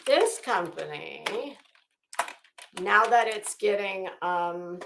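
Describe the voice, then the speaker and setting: A woman's voice: medium pitch, expressive, very slow, gravelly, reverberant, background noise. A woman hosting a casual live chat, rambling and effusive, often cutting herself off mid-sentence. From Florida. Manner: rambling, self-interrupting, effusive. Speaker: commentary channel host.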